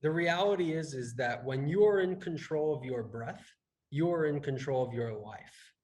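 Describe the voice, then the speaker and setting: Guy coaching on a podcast, kinda high voice, rambles, says "right?" constantly. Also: normal speed, a little mellow, poor audio. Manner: rambling, restarts a lot, tags sentences with "right?". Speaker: fitness health coach. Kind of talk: casual business podcast talk.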